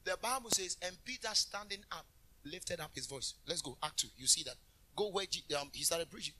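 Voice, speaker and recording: A man minister preaching a sermon in an animated way, bursting into shouts and talking directly to the congregation. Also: sits high, fairly quick, background noise.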